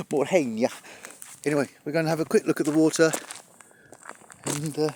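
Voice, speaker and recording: This middle-aged travel vlogger rambles along in a casual walking vlog outdoors, heading up a hillside near water and a bit winded. His voice sits on the high side with fairly even intonation, normal speed and a darkish tone, plus a little hiss or hum; he's chatty, dryly funny and swears mildly.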